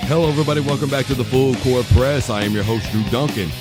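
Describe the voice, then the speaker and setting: A man's voice: medium pitch, quick pace, loud music behind the voice. A man hosting a sports talk show in a studio, joking and spinning long comic comparisons. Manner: animated, jokey, tells long comic analogies. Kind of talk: casual sports radio talk. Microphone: studio microphone.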